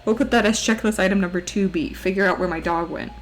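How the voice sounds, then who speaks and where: A woman with a high, mousy voice chats quickly while drawing on a live stream, playful and teasing herself. After a long session her voice cracks now and then. Soft music plays behind her, and the recording quality is low.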